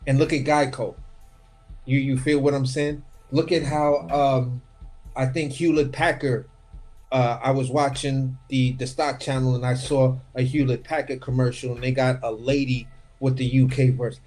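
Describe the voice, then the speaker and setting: A man co-hosting a casual boxing talk live stream, animated and profane, often slipping into voices of other people. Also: medium pitch, moderate pace. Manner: animated, profane, slips into impressions. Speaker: boxing commentary co-host.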